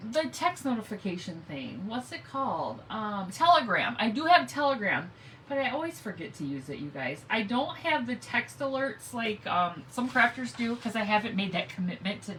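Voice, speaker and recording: A woman's voice: a little high, bright, forceful tone, distant mic, a little hiss or hum, low-quality recording. A woman hosting a live craft stream, chatting casually and greeting viewers by name as she works. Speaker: craft livestream host.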